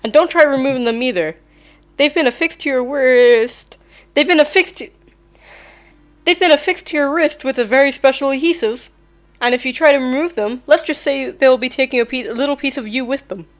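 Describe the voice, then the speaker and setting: A woman's voice: high-pitched, a little fast, lightly acted. A woman voicing a cheery, manic male school principal, reading game dialogue aloud in a theatrical announcer manner.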